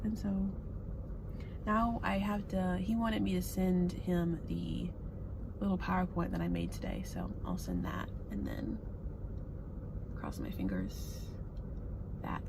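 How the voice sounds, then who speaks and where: A woman in her twenties, a recent graduate, chatting candidly and excitably in a casual vlog, swearing casually as she talks to a phone camera in her parked car. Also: lowish voice, slow pace, vocal fry, long pauses. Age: 20s. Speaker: vlogger. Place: parked car with the air conditioning running. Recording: phone audio with loud A C hum.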